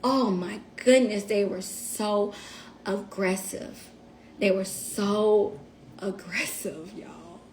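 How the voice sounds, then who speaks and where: A woman telling a story on a casual livestream. She is animated and profane, and talks straight to her viewers. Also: mid-range voice, slow, a little hiss or hum.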